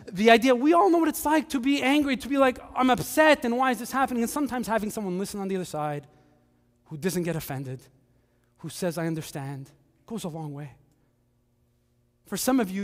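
A man preaching a sermon as pastor, animated, with joking asides and acted-out quotes. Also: a little high, in a large hall.

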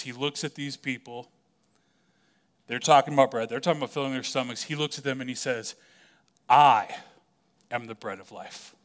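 A man preaches with a bright, forward voice that sits at a middle pitch. He talks conversationally and with animation, and he slips into the voices of the people in his story. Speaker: pastor. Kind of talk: sermon.

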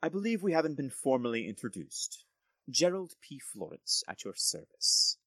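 A man's voice: medium pitch, very animated, normal speed, sharp tone, dry recording, pitched above the performer's own voice, full character voice. A man playing a cursed courteous lord. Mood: formal. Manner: courteous, smooth and welcoming. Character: cursed genteel male lord, sincere but unsettling.

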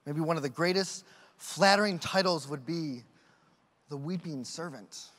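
A man preaching a sermon as a pastor, telling stories with animated acted-out voices. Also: on the high side, a little slow, long reverb tail. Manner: animated storytelling with acted quotes.

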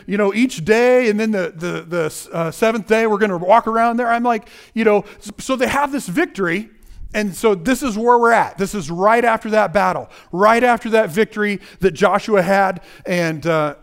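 A man's voice: high voice, moderate pace. A man giving a conversational sermon, talking directly to the listeners as guys and often restarting his phrases. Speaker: preacher.

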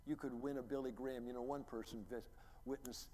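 A middle-aged man, a pastor, preaching a sermon as a story, acting out quotes and building to loud, emphatic peaks. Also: medium pitch, steady tone, brisk. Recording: long reverb, faint ambient noise.

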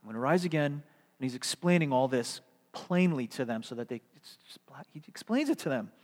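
A man preaching a sermon, asking rhetorical questions and swinging from emphatic to hushed delivery. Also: mid-range voice, sing-song, moderate pace, in a large hall.

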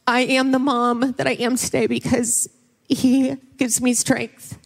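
Young woman speaker at a church service, tearful and giggly, voice a bit high, hall reverb around her. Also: level tone, a little slow, vocal fry. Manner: emotional, laughing, tearful. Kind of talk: Mother's Day church talk.

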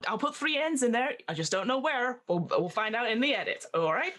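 A woman's voice: fairly high pitch, animated, a little fast, fairly bright tone, a little hiss or hum, voice pushed up. A woman voicing a frantic, gushing female magazine editor who calls everyone honey and dear.

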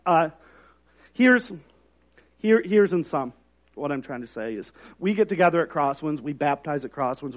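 A man's voice: fairly high pitch, dull audio. A man preaching a sermon in a conversational, self-deprecating way that rises to emphatic points. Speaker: pastor.

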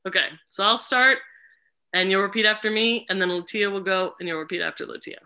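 A woman facilitating a group ritual over a video call, speaking gently and unhurriedly with many fillers. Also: mid-range voice, steady tone, brisk, clear, resonant tone.

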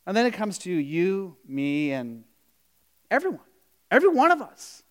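A man's voice: sits high, wildly swooping pitch, moderate pace. A pastor giving a conversational sermon, retelling stories and asking his congregation questions.

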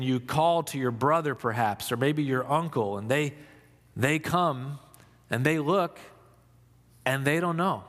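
A pastor giving an Easter sermon, reflective and storytelling, dropping soft for emphasis. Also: male voice, mid-range voice, in a large hall. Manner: slow, reflective, dramatic pauses, soft for emphasis.

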